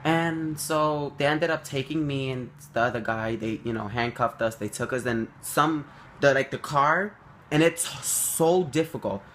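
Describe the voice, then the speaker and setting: A young man telling a story to the camera, animated and swearing freely, acting out quotes. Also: measured pace, a little hiss or hum. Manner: animated, swears freely, acts out quotes with big jumps up in pitch. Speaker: vlogger.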